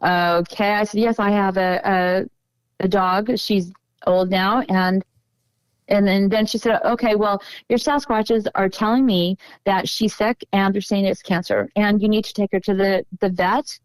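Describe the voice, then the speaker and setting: A woman's voice: mid-range voice, steady tone, a little slow, clear, resonant tone, no room sound, rough recording. A woman as a podcast guest, telling a personal story in an earnest, emotional way during a casual interview.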